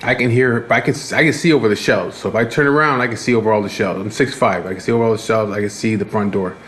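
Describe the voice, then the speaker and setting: A man's voice: lowish voice, steady tone, fast, fairly bright tone, slight background noise. A man casually telling a rambling, profane story about his day, tired and fed up. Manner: profane, rambling, frequent restarts. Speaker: vlogger.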